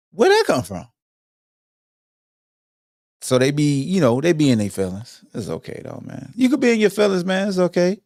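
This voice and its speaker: A man talks straight into a podcast mic with a loose, slangy delivery. He hits his points hard and often teases his audience. His voice sits at an ordinary male pitch, and the sound is dry and close with almost no room echo. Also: darkish tone. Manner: slangy, emphatic, mocking asides to listeners. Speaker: podcast host. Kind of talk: casual solo podcast commentary.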